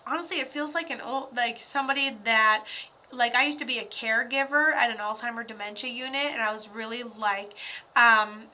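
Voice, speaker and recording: A bright, forceful young woman talks her way through a live psychic reading. Her voice sits a little high, and she rambles loosely with fillers and offhand jokes. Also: a little fast, slight background noise. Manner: chatty, lots of fillers, loose and joking. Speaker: psychic medium.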